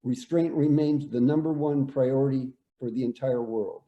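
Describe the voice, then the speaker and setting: An older man, a veteran, reading out his own war story in a measured, plain way. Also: medium pitch, dark tone, muffled recording. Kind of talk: reading a prepared personal story. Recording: echoey room.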